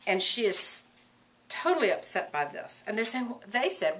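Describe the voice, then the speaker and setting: A middle-aged woman teacher lecturing a class on a play, animated and acting out characters' lines. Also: medium pitch. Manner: animated, acts out characters' lines in quick voices.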